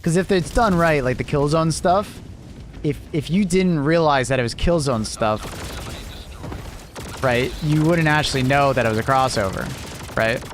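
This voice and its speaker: A man's voice: on the high side, normal speed, long pauses, a little hiss or hum. A man casually chatting with his viewers on a gaming livestream, laughing often and answering chat.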